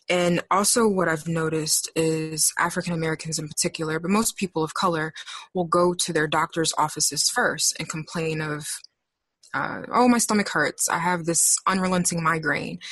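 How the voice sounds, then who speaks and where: A woman therapist talks through her work in a low, steady voice. She explains carefully, pausing often between thoughts. The sound is dry and close. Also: dry recording. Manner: measured, explanatory, frequent pauses. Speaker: therapist, interview guest. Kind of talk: professional conversation.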